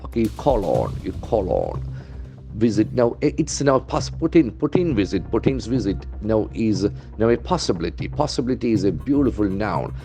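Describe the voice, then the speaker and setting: A man's voice: on the low side, sing-song, moderate pace, creaky, dark tone, soft background music. Man spelling out words. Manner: spells words letter by letter and repeats them. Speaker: English trainer. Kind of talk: newspaper vocabulary lesson.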